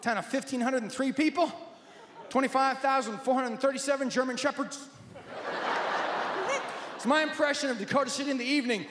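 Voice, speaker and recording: A man from Nebraska doing stand-up comedy, telling wry, animated stories. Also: very high-pitched, fairly quick, long pauses, very noisy. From Nebraska, USA. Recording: echoey hall, loud audience.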